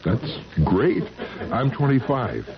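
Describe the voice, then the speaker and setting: A man's voice: medium pitch, very animated, takes it slowly, gravelly, a crowd in the background, exaggerated voice. An actor playing a joking, easygoing young man in his twenties, in a 1970s radio drama. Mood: teasing. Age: 20s. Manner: joking, teasing, frequent laughs. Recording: dull lo-fi radio recording.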